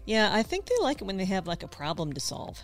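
A podcast co-host chatting casually, teasing the partner with quick quips. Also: medium pitch, huge pitch swings, faint music behind. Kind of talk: casual chat.

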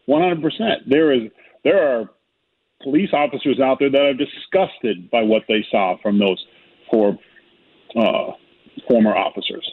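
A man with a husky voice, speaking as a guest in a talk discussion, emphatic and earnest. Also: medium pitch, expressive, unhurried, pauses often. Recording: tinny phone line.

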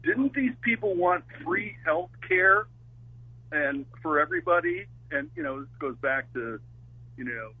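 A man, a regular on a radio show, chatting in a rambling, husky way. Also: mid-range voice, no echo. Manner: rambling, lively ups and downs. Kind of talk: casual radio chat. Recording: phone-like narrow line.

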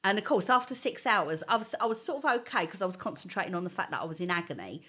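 A woman's voice: fairly low pitch, rapid-fire, slightly rough. A woman in casual chat, telling a story with lots of laughter and acted-out quotes. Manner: animated storyteller, laughs often, acts out quotes.

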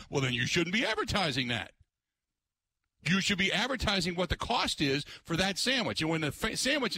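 A man hosting a talk radio show, ranting in an exasperated, animated way and putting on mocking voices. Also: high-pitched, husky. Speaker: radio host.

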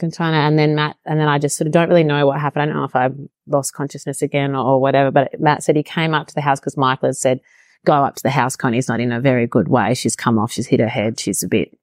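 Low-voiced woman telling a story. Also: a little mellow, dry recording, studio quality. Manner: chatty, self-deprecating, laughs through the story. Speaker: podcast guest. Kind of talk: casual storytelling interview.

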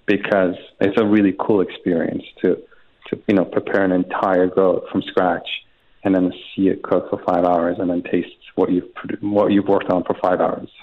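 A man speaks as a guest on a radio show, his voice sitting a bit low. He explains at an easy, relaxed pace, and he comes through a thin, tinny phone line. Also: moderate pace. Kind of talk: casual radio interview.

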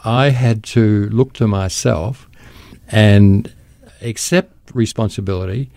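A man's voice: on the low side, takes it slowly, vocal fry, a little mellow, no room sound. A man speaking earnestly and thoughtfully as a guest in a radio conversation. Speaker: guest, ministry founder.

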